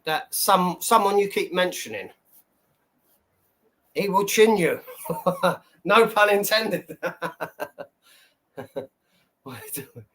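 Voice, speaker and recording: A man hosts his own live stream, chatting loosely with viewers as he rambles through a story, swearing freely and laughing a lot. His high-pitched voice is bright and forceful with lively intonation, and he speaks slowly with frequent pauses.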